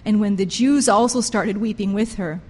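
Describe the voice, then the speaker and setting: A woman preaching a sermon with passion, pressing her points hard and swinging between loud emphasis and quiet intensity. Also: mid-range voice, normal speed, big-room sound, a little hiss or hum. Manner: impassioned, emphatic, rises and drops sharply in loudness.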